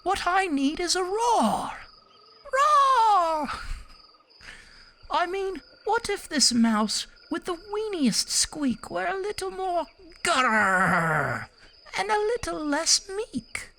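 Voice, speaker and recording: Storybook mouse: woman voices a tiny timid boy mouse, squeaky and high, gravelly edges, swooping voice. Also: very animated, slow pace, pushed and bright, exaggerated voice. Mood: hopeful. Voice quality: squeaky, eager. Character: tiny meek young male brown mouse, timid but hopeful.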